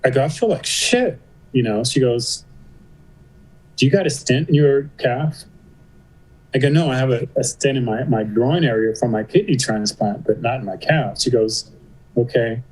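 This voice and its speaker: In a low-quality recording, a middle-aged podcast guest with a mid-range voice recounts a story at a normal pace during a relaxed interview. He performs the dialogue he quotes with lots of animation, peppering it with frequent "you know"s and "I go"s.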